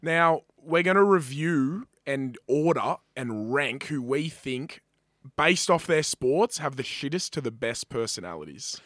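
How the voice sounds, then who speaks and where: A man co-hosting a podcast, swearing heavily in a loud mock-motivational rant and casual banter. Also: mid-range voice, expressive, a little slow, no room sound, studio quality. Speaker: podcast co-host. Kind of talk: casual chat.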